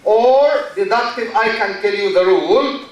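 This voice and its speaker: Lecturer in an echoing hall. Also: male voice, high voice, measured pace, dull audio. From Egypt. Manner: repeats key words, quizzes students. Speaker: university lecturer. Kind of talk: classroom lecture. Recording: echoey hall, distant mic.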